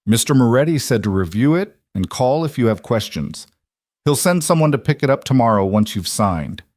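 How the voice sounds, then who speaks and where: A man's voice: mid-range voice, sing-song, moderate pace, a little mellow, no room sound, clean studio sound. A man voicing a polite driver who relays instructions in a matter-of-fact way. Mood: neutral.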